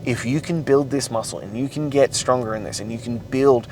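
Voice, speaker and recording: A man of middle pitch delivers a motivational podcast monologue in an intense, profane, emphatic manner. He drives his points home with repetition and blunt language. A faint hum sits behind the voice. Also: brisk, darkish tone, poor audio. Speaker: podcast host.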